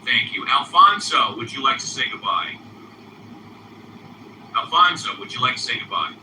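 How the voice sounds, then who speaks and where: A man hosting a live audio chat room, moderating callers with animated, drawn-out calls and repeated phrases. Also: medium pitch. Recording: echoey, distant, noisy room pickup.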